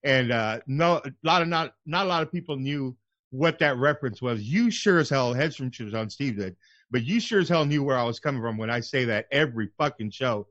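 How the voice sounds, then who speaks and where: A man's voice: medium pitch, lively intonation, a little fast, a bit bright, dry recording, lo-fi sound. Laid-back cursing male radio host. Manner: laid-back, swears freely, lots of fillers. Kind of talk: casual call-in radio chat.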